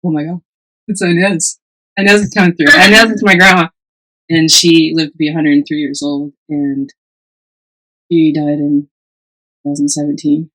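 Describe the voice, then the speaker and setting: A woman with a low voice co-hosts a podcast, talking at a moderate pace with long pauses on a rough recording. She relates a personal story in an animated, casual way, laughing often and voicing the people she quotes.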